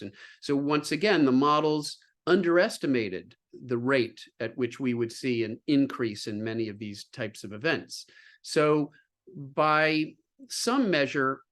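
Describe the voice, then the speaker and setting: Interviewed over a video call, an earnest male guest scientist explains scientific ideas. His pitch is middling for a man, and he often stalls on fillers and starts his sentences over while looking for the right words.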